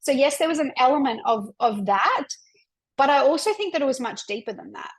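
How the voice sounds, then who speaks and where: A woman's voice: high voice, animated, a little fast, poor audio. A woman hosting a podcast, telling a personal story in an open, emotional way with lots of "like" fillers. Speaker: podcast host and women's coach.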